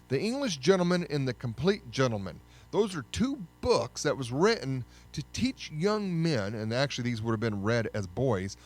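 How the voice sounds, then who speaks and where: Male teacher, casual lecture, mid-range voice, corrects himself often, soft music bed. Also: mid-range voice. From United States. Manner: conversational, with frequent fillers and self-corrections. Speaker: history teacher.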